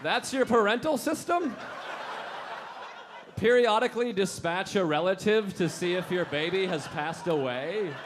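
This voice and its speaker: A young man performing a stand-up set on a club stage, telling stories in a dry, deadpan way with acted-out quotes. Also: high voice, a little slow. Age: young adult. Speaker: stand-up comedian. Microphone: handheld stage mic. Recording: live club recording with crowd noise. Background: audience laughter.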